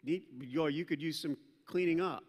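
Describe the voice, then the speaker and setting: A pastor with a voice on the high side preaches a sermon at normal speed in a large hall. He tells stories animatedly, acts out the voices from scripture, and slips in self-deprecating asides.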